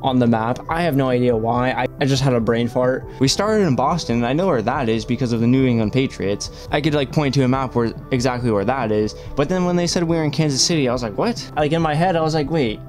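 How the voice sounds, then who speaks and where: A man's voice: mid-range voice, fast, few pauses, a little mellow, soft background music. A man hosting a reaction video, rambling in casual commentary, swearing often and filling his talk with "like".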